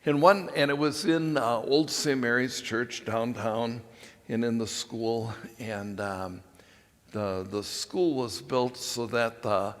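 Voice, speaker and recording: An older man, a priest, giving a homily as a folksy, rambling personal story with frequent pauses. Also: medium pitch, steady tone. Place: large church. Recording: long church reverb.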